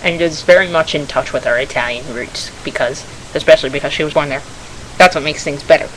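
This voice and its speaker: Woman vlogger, low pitch, rambling self-correcting chat, slightly froggy throat, faint hiss on the camera mic. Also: brisk, fairly bright tone, poor audio.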